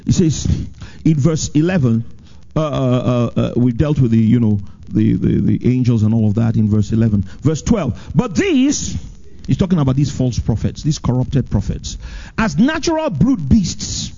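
A man preaching a sermon as pastor, with animated delivery that swings from high emphatic lines to low, drawn-out ones. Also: vocal fry, highs cut off.

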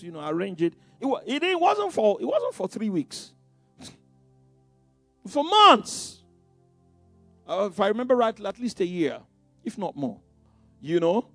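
A middle-aged male pastor preaches in a chatty, conversational way, full of "you know" asides and repeated phrases, with faint music underneath. His voice is high-pitched and a bit bright, with no echo.

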